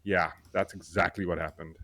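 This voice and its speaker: A man's voice: sits low, flat delivery, normal speed, a bit bright, slight background noise. A man, a comedian on a panel, who acts out quotes and peppers his speech with "like". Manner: acts out quotes, laughs, lots of 'like'. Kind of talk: comedic riffing.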